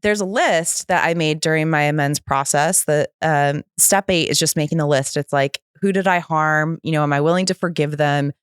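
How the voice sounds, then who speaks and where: A woman in her thirties, a podcast guest telling a candid personal story and acting out the voices of others with lively pitch jumps. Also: normal speed, few pauses, smooth, no echo, clean studio sound. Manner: animated, acts out quoted voices with pitch jumps.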